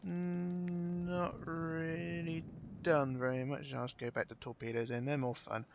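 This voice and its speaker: A man's voice: a little high, flat delivery, unhurried, gravelly, highs cut off, slight background noise. A man giving casual, chatty commentary while playing a game, swearing now and then and thinking aloud. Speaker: gameplay commentator.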